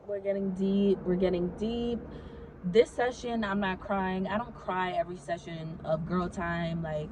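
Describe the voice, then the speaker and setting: A woman's voice: medium pitch, dark tone, a little hiss or hum, poor audio. A young adult woman casually telling a story to her viewers, chatty and swearing freely.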